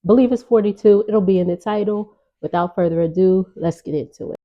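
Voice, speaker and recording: A woman's voice: mid-range voice, fairly quick, dull audio. A woman vlogger recapping a reality show in a chatty, gossipy way, with laughing asides. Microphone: on-camera.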